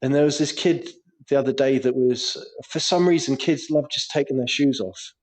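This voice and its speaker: A man co-hosting a casual football podcast, telling animated stories with lots of laughter and swearing. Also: medium pitch, moderate pace. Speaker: podcast co-host; primary school teacher.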